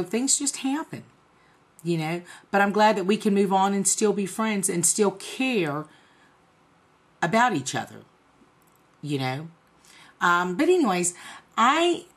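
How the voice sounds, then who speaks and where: A middle-aged woman chats straight to the camera, telling a story from her own life in a casual vlog. Her talk is blunt and full of profanity, and it turns animated as she retells the story. Her voice sits at a middle pitch. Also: breathy edge. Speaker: vlogger.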